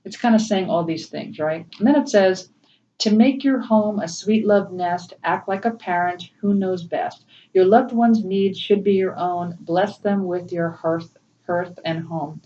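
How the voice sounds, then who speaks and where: A woman giving a casual spiritual tarot reading, gentle and emotional, laughing often. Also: a little slow. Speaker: tarot reader. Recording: distant, dull low-fi mic with faint noise.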